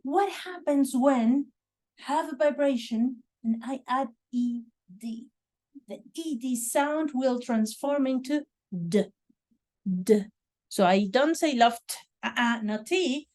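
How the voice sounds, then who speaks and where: An English pronunciation teacher with a fairly high voice leads a lesson in a classroom. She speaks slowly and carefully, repeating sounds and warmly praising her students.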